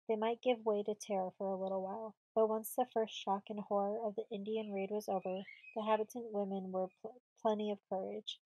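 Mellow woman reading an audiobook. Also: mid-range voice, no echo, muffled recording. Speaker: audiobook reader. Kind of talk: storybook audiobook narration.

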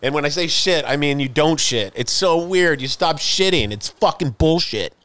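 A man's voice: fairly high pitch, animated, moderate pace, fairly bright tone. A middle-aged man hosting a podcast in casual chat, joking and running through stand-up bits. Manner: joking, telling stand-up bits with acted-out quotes. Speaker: podcast host.

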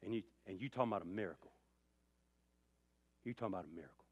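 Impassioned pastor preaching. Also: male voice, low voice, quick pace, husky, dry recording, highs cut off. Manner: impassioned preaching, rising loud then dropping to hushed tones. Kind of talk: sermon.

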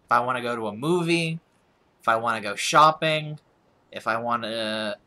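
Speaking at normal speed with a sharp tone and a mid-range voice, a man from the United States talks casually while gaming. He has a rural American accent, jokes at his own expense with viewers, and frequently starts his words over.

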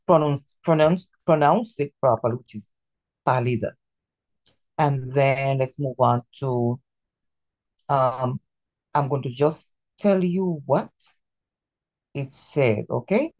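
A woman teaching a class, coaxing students and drilling pronunciation slowly. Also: sits low, dark tone. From Latin America. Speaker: Spanish teacher.

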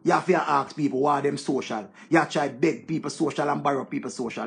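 A man's voice: fairly high pitch, brisk, gravelly. A man with a Jamaican accent ranting to viewers in a heated, scolding way, swearing freely. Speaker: online commentator. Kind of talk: casual rant to viewers.

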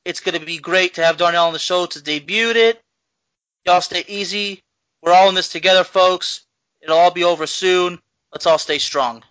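A man's voice: high-pitched, moderate pace, fairly bright tone, dry recording, dull audio. A man co-hosting a podcast, chatting casually and thinking aloud with restarts. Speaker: podcast co-host.

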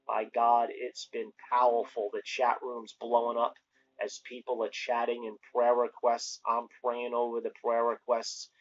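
A man preaching on a lo-fi recording that sounds dull and muffled. His voice sits at an ordinary pitch and stays fairly flat, and he moves between casual joking asides and fervent calls of praise. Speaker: online preacher. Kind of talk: casual preaching with scripture reading.

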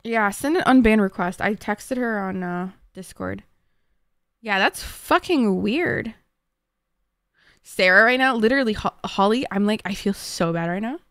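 A woman streamer talks with her viewers in a casual live-stream chat, flustered and swearing often as she addresses chat directly. Her medium-pitched voice is expressive, unhurried, and a bit bright, captured with clean studio sound and no room sound.

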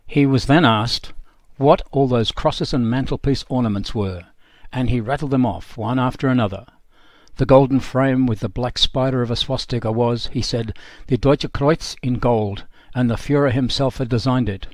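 A male documentary narrator reading a first-person memoir in a measured, sober delivery. His voice sits at an average pitch. The recording is dry and close, with no room sound. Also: darkish tone, no room sound.

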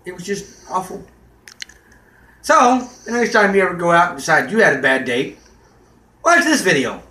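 High, bright-voiced man ranting in an echoey room. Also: moderate pace. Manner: animated, swearing, acts out quotes with shouts. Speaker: vlogger. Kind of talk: casual comedic storytelling rant. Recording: echoey room, faint background noise.

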